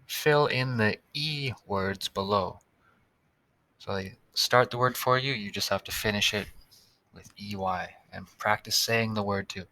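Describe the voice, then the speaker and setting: Slow, patient man teaching kids. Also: on the low side, sharp tone. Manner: patient, slow, sounds words out. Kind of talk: online tutorial for young students.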